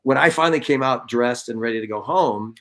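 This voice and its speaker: Guy in his 50s from california, spinning swear-y stories, even middling pitch. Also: brisk. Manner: animated, profane, acts out quotes. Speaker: guest, former soccer player. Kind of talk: casual storytelling interview.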